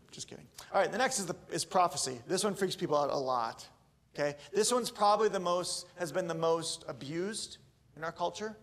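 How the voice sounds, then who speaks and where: A man, preaching a sermon in a casual, joking, animated way. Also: fairly high pitch, vocal fry. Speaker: pastor.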